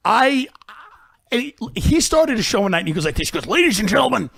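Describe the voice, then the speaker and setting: A man with a fairly high voice tells comedic stories on a podcast, ranting and swearing with emphatic energy. His voice sits close and dry on the mic, with no room sound around it. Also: a little fast, creaky, no room sound. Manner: animated, emphatic ranting with profanity.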